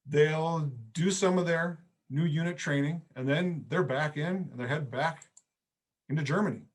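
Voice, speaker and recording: Conversational middle-aged history lecturer. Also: male voice, a little high, a little slow. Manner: conversational storytelling with casual phrasing. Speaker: history professor.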